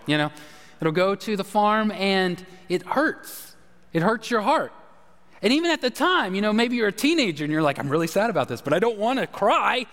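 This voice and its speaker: A man preaching a live sermon, chatty and conversational, often asking the congregation questions and acting out everyday quotes. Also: fairly high pitch. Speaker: pastor. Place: church hall. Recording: long reverb of a church hall.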